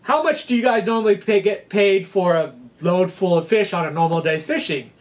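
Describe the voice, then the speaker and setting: A man's voice: moderate pace, lightly acted. A man voicing an eager male businessman who is thrilled by fishing, raising his voice as he speaks the part. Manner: excited, gushing, higher-pitched.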